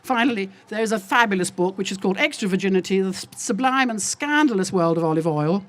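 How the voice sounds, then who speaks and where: An older woman lectures a festival crowd with emphatic indignation. She rambles and digresses, and her voice jumps up and down in pitch. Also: fast. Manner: addresses the audience as ladies and gentlemen; lively, with wide jumps in pitch. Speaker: olive oil seller giving a talk. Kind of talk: festival talk to an audience. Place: outdoor food festival.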